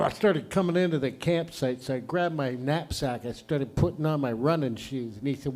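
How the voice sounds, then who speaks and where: A man hosting a live stand-up show on stage, loud and profane, rambling between jokes. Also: a little high, moderate pace, faint music behind. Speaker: comedy show host. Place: live comedy venue stage.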